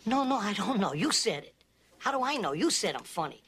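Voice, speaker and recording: An actor playing a menacing, hot-tempered gangster in a film scene, needling and profane. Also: male voice, high voice, very animated, fairly quick, a bit bright, slightly rough, heavily acted. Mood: angry.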